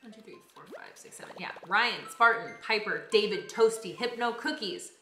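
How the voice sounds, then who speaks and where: A woman's voice: mid-range voice, normal speed, pushed and bright, echoey room, faint music behind. A young woman streaming a game live, chatting with viewers and sounding exasperated.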